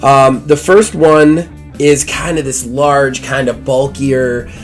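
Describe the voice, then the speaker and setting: A man's voice: mid-range voice, fairly even intonation, slow pace, soft background music. A man narrating as game master of a tabletop game, casual and rambling with many fillers.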